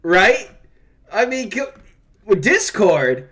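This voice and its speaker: A man hosting a livestream, pausing a clip to mock its speaker with profane, taunting commentary. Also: high voice, big pitch swings, fairly bright tone. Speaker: commentary streamer.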